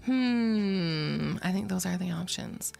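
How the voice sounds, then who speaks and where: A woman streaming from home, chatting playfully with her viewers. Her voice has a gravelly, fry-laced texture and she talks slowly and leisurely. Faint music plays behind her. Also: lowish voice, animated, a little mellow. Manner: playful, chatty, meows and giggles at chat. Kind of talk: casual live-stream chat.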